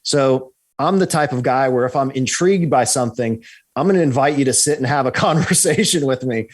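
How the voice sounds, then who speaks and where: Animated man telling a story. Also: mid-range voice, a little fast. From United States. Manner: animated, repeats "right?" and restarts. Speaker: podcast guest, researcher. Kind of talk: storytelling in an interview.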